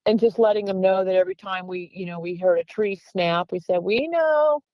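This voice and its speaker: A woman's voice: lowish voice, steady tone, fairly quick, mellow, no room sound, low-quality recording. A woman guest earnestly telling a long encounter story, acting out the quoted voices of the people in it. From Pennsylvania. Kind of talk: recounting an encounter.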